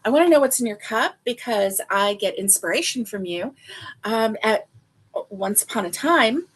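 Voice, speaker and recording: With a breathy edge to a voice on the high side, the crochet livestream host sounds animated yet a little sleepy. She speaks at a moderate pace, rambling to viewers directly and using many fillers.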